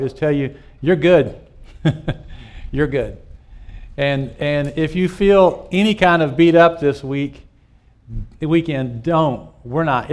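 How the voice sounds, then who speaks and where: A middle-aged man, a pastor, giving a conversational teaching talk to small group leaders at a live church meeting. He tells stories and puts rhetorical questions to his listeners. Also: fairly high pitch. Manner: storytelling, with rhetorical questions to the audience.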